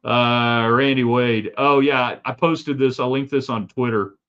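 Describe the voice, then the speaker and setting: A man's voice: mid-range voice, steady tone, measured pace, fairly bright tone, clear, resonant tone, muffled recording. A man hosting a live sports talk stream, opinionated and rambling with side remarks. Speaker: sports talk show host.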